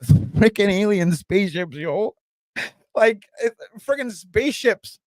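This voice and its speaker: A young man hosting a podcast, chatting excitedly and sarcastically in a casual, slangy way. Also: high voice, unhurried. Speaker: podcast host. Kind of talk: casual livestream chat.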